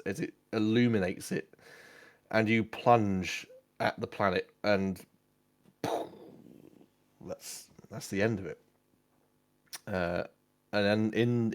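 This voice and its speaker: A man narrating a tabletop game as game master, casual and full of fillers. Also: lowish voice.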